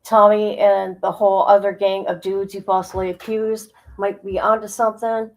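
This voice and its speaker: A woman giving blunt, sarcastic reaction commentary over a video, incredulous and quick to swear. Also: mid-range voice, level tone, rough recording. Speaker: reaction streamer.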